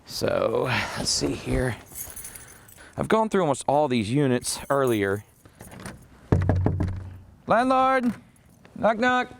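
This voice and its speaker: A man's voice: on the high side, creaky. A man, a real estate investor chatting casually as he walks through his rental units, laughing often. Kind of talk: casual walk-through vlog narration.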